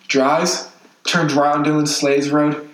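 A man's voice: fairly high pitch, level tone, takes it slowly. A young man telling a long story in casual, slangy talk, swearing a lot. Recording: echoey room, mic at a distance, faint noise.

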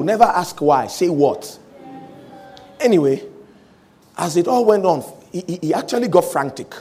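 Male preacher, lively pitch, slightly higher voice, animated storytelling sermon delivery. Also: a little fast, slight background noise. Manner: animated storytelling, voicing quoted speech, rising to shouts.

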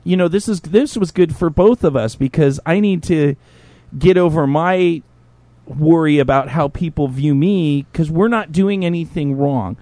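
A man hosting a podcast, telling stories in a profane, animated casual chat. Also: fairly high pitch, moderate pace, dry recording. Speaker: podcast host.

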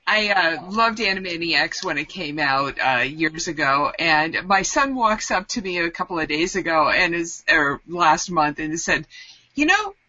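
A woman's voice: low-pitched, unhurried, few pauses, pushed and bright, no echo. A woman chatting casually on a podcast, telling a story in a chatty way. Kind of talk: casual chat. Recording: dry, dull lo-fi recording.

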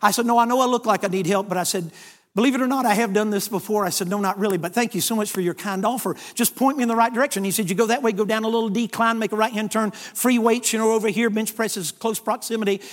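A man with a very high speaking voice preaches with lively energy. He tells a story and acts out every part of the dialogue, then moves into scripture. He sounds middle-aged and comes from the United States. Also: fast. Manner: animated storyteller acting out dialogue. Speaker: evangelist preacher. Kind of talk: storytelling sermon.

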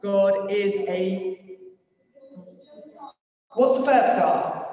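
A man's voice: very high voice, darkish tone. A man preaching a sermon in a church hall, talking conversationally and putting rhetorical questions to the congregation. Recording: distant, roomy, dull long-reverb hall sound.

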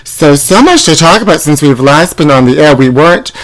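A man's voice: on the high side, lively intonation, fairly quick, fairly bright tone, poor audio. A man co-hosting a podcast, telling stories in a campy, gossipy chat. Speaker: podcast co-host. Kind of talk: casual chat.

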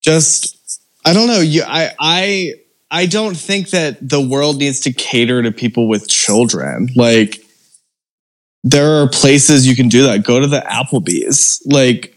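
A man co-hosting a beer podcast, speaking in a hesitant, halting way with many fillers. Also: mid-range voice. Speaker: podcast co-host. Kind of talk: casual podcast chat.

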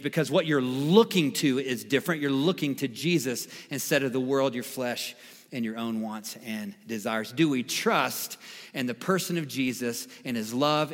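A man preaching a sermon as pastor, emphatic, repeating key phrases and swinging between quiet and loud. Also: mid-range voice. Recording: long reverb of a large hall.

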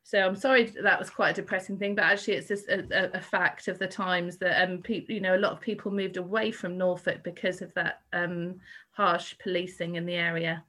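A woman's voice: fairly low pitch, little pitch movement, brisk, bright, forceful tone, low-quality recording. A woman co-hosting a podcast walking tour, talking in a loose, conversational way with frequent ums and restarts. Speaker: podcast co-host and tour guide.

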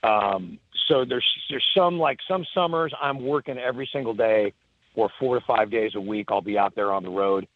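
A middle-aged songwriter with a lowish voice tells stories at a moderate pace during a podcast interview. His animated storytelling keeps circling back with repeated words and restarts, and the tinny, phone-like audio carries no echo.

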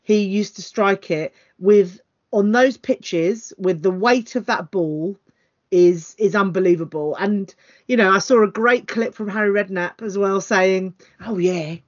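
A woman's voice: medium pitch, measured pace, highs cut off. Rambling woman on a football podcast. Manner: rambling, hesitant, many fillers. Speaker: podcast co-host. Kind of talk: casual football chat.

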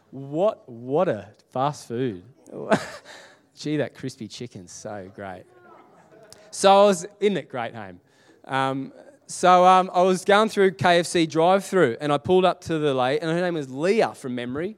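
Pastor in a reverberant hall. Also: male voice, medium pitch. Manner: conversational storytelling with repeated restarts and acted quotes. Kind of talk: sermon. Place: church auditorium.

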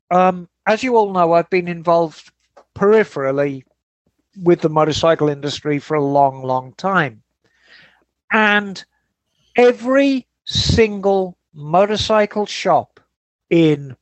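A man hosting a casual podcast chat, relaxed and rambling, who answers listener emails. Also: sits high, slow, pauses often, no room sound. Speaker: podcast host.

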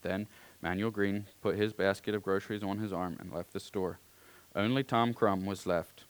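A man reading a story aloud in a calm, unhurried way, now and then clearing his throat. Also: on the low side.

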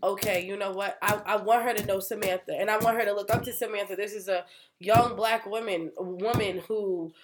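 A woman's voice: mid-range voice, steady tone, a little fast, noisy background. A woman from New Jersey talking candidly and emphatically in a casual podcast chat, speaking in long runs as a mother.

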